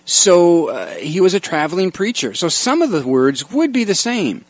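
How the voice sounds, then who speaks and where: A man's voice: high-pitched, sing-song, normal speed, dry recording. A male pastor leading a Bible study discussion, explaining verses reflectively with frequent restarts.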